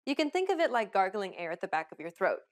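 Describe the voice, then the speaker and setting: A woman hosting a pronunciation lesson, giving upbeat, clearly enunciated scripted instructions. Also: medium pitch, big pitch swings, fast talker. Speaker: language teacher host.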